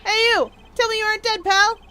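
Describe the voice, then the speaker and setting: Big goofy detective guy lady voicing him, loud and eager, flustered. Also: extremely high pitch, steady tone, fast talker, no echo, voice pushed up. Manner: loud, eager, flustered, calls people pal and sir. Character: bumbling, loud, earnest male detective.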